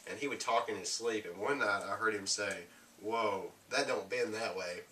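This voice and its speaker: A man's voice: on the low side, normal speed, bright, forceful tone. A man playing a jail inmate who tells tall tales about his crimes in a comedy sketch. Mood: storytelling. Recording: far camcorder mic, faint hiss.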